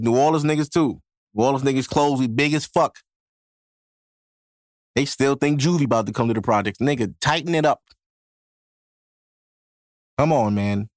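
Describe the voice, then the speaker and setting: A man's voice: mid-range voice, moderate pace, long pauses, no room sound, clean studio sound. A man hosting a casual solo podcast, talking in loose, profane street slang and laughing often between thoughts. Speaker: podcast host. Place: home podcast setup in New York.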